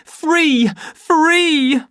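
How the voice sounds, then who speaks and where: A man voicing a wild young male savage who shouts in defiance, shrill and frantic. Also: extremely slow, dry recording, clean studio sound, exaggerated voice. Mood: defiant.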